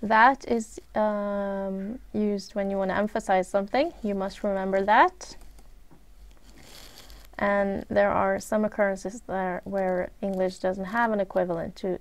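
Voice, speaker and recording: A woman with a Swedish accent teaches English grammar in a recorded lesson, speaking at a mid pitch. She moves through long lists of examples one at a time. She often fills her pauses with "uh" as she explains each rule. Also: steady tone. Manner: measured, lists examples one by one, frequent "uh" fillers.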